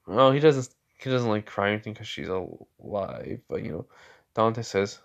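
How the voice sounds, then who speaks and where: A man's voice: fairly low pitch, normal speed, creaky. A young man retelling a fan story in a rambling, casual way, full of fillers.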